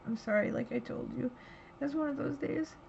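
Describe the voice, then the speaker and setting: A woman's voice: high voice, normal speed, gravelly, darkish tone. A woman telling a candid story in a personal vlog, tired and drowsy, talking in a raw, rambling, emotional way. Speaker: vlogger. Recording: dull lo-fi audio with faint background hiss.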